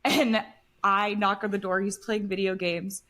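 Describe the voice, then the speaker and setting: Woman, podcast guest, emotional storyteller, animated delivery. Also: mid-range voice, unhurried. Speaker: interview guest.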